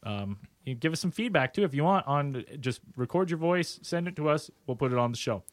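A man's voice: fairly high pitch, animated, a little fast, no room sound. A man hosting a casual podcast, rambling and swearing often as he talks with friends. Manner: rambling, swears a lot, laughs easily. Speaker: podcast host.

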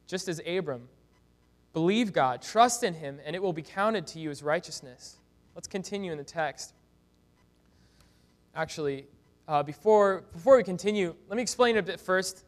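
High-voiced man preaching earnestly. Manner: earnest, exhorting. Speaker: pastor. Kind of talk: sermon.

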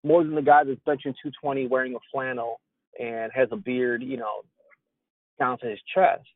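Speaking at a normal pace in a flat, mid-range voice, a Hispanic American man joins a casual podcast as a guest to discuss ministry. He comes across as earnest and candid, edging toward preachy. The audio is tinny and phone-like, with no room sound.

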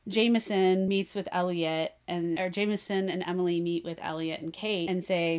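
A woman's voice: lowish voice, moderate pace, few pauses, clean tone. A young woman co-hosting a podcast, chatting casually about books and acting out scenes as she retells them. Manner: animated storyteller, gushing, slips into quoted voices. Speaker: podcast co-host. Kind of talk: casual book chat.

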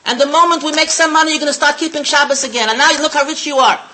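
A woman's voice: high voice, fairly even intonation, rapid-fire, bright, forceful tone, voice pushed up. A woman voicing a rich man's wife who reproaches him tearfully and insistently. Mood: reproachful.

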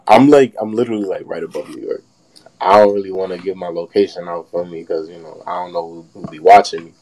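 A man's voice: sits low, fairly quick, dark tone, poor audio. A young man hosting a phone live stream, bantering loosely in slang and laughing often. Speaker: TikTok live host. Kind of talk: casual chat.

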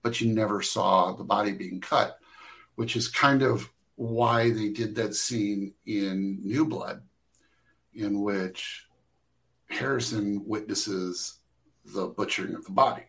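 A man's voice: fairly low pitch, steady tone, takes it slowly, gravelly, a bit bright, rough recording. A man who works as a camera operator, telling behind-the-scenes stories in a casual interview, rambling with many restarts and fillers.

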